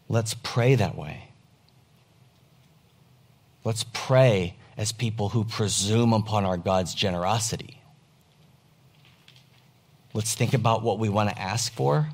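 Man pastor, earnest and emphatic sermon in church, mid-pitched voice. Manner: earnest, emphatic, plain-spoken. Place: church service.

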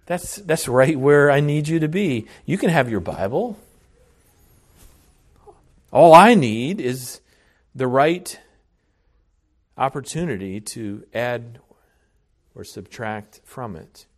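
A man's voice: medium pitch, animated, slow, long pauses. A preacher voicing a sly, scheming male devil in a sermon.

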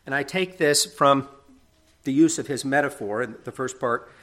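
Speaking at normal speed with medium pitch and a fairly bright tone, a middle-aged man delivers a sermon. He sounds earnest yet conversational, frequently tagging his sentences with questions.

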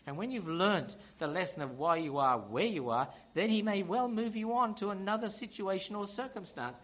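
Man preaching a sermon, bright lively voice, keeps asking the crowd questions. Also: high-pitched, moderate pace, rough recording. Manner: emphatic, animated storytelling with rhetorical questions.

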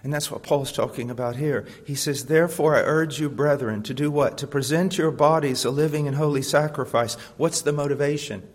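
Impassioned preacher in a reverberant hall. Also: male voice, fairly high pitch, steady tone, fairly quick, few pauses. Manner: impassioned, rhetorical questions, swings from hushed to loud. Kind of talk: sermon.

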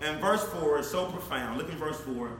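A man preaching a sermon, speaking straight to his congregation, swinging from shouted emphasis to low, quiet asides. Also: moderate pace, slight background noise. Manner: animated, addresses congregation directly, rises to shouts then drops low. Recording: echoey hall with faint ambience.

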